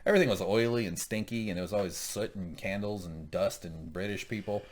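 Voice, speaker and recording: A man's voice: low voice, a little fast, a little hiss or hum. A man co-hosting a casual recap chat, joking, swearing freely and slipping into mock voices. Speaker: podcast co-host.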